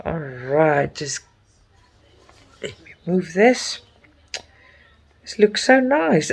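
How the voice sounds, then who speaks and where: A middle-aged South African man who speaks Afrikaans chats casually while stitching for his cross-stitch vlog. His voice is high, and he talks in an openly emotional, chatty way with frequent exclamations.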